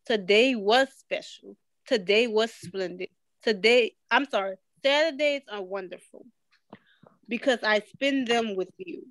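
A woman's voice: fairly high pitch, unhurried, no room sound, close to an everyday voice, poor audio. A woman voicing a young girl comforting her mother in a picture-book read-aloud. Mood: tender.

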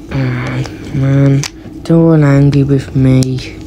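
Woman, gameplay commentary, excitable, low voice, slow delivery, faint noise behind. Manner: excitable, yelps and laughs, talks to teammates. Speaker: gaming video creator.

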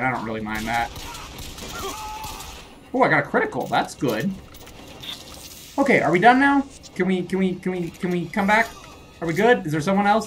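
Flustered young gamer talking to himself. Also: male voice, a little high, fairly bright tone. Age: young adult. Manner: flustered, rambling self-talk, quick to laugh off his own mistakes; scolds enemies in a jokey way. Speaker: gamer playing through a shooter. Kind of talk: let's play commentary.

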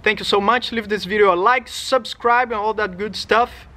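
A man's voice: high voice, steady tone, moderate pace, bright, forceful tone. A man with a non-native English accent giving a rambling, casual update to his channel's viewers, restarting his sentences often. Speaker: singer and YouTuber. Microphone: studio condenser mic.

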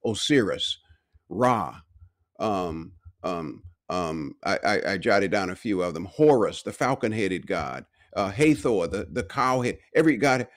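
A man preaching a morning devotional with a lively, swinging pitch that sits a little low. He leans hard on repeated phrases and drives each point home. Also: a little slow. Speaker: pastor and university speaker. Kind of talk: devotional sermon.

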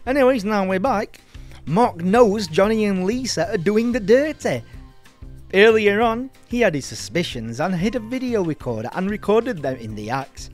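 A man's voice: high voice, big pitch swings, normal speed, faint music behind. A man hosting a comedic film review, sardonic, mocking and sweary.

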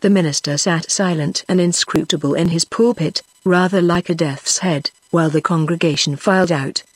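A woman with a British English accent, narrating an audiobook in an even, measured reading voice. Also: on the low side, husky, no room sound.

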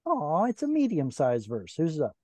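A man teaching an online class, his voice dark and mellow with a dry, close sound. He explains patiently and keeps quizzing his students. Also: on the high side, huge pitch swings, normal speed, no echo. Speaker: Hebrew teacher. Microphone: video call.

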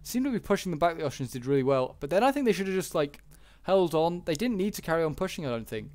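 A man's voice: on the high side, big pitch swings, fast talker, darkish tone. A man giving casual, rambling commentary over a strategy game battle, full of fillers and self-corrections. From Britain. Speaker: gaming channel host.

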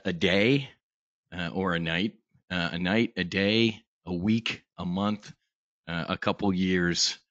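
A man's voice: deep voice, a bit bright, no echo, lo-fi sound. A man hosting a live trading brief, talking casually with lots of fillers and restarts, blunt and sometimes profane. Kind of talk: casual live market talk.

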